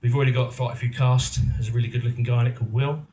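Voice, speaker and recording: A middle-aged Englishman, an actor and producer, gives a talk to a live audience in a roomy hall at an event venue. His mid-range voice has a dark tone and sounds spacious as he tells his story casually, rambling and poking fun at himself with plenty of ums and restarts.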